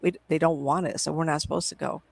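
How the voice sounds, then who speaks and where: A middle-aged woman, a psychic medium, talks fast in a low, steady, creaky voice during a casual interview on a home video call. Her computer microphone gives a low-quality recording. She rambles through lengthy stories and reenacts conversations she remembers.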